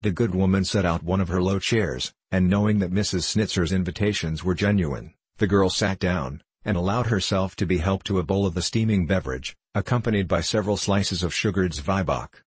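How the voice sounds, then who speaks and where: A man narrating an audiobook in a measured, even reading. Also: low voice, breathy edge, dry recording.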